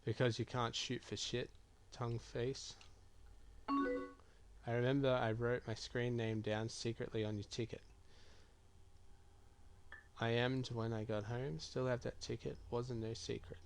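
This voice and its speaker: A man streaming a game, reading typed chat messages and reply choices aloud in a low-key, musing way. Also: level tone, measured pace, pauses often. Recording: clear keyboard typing behind voice.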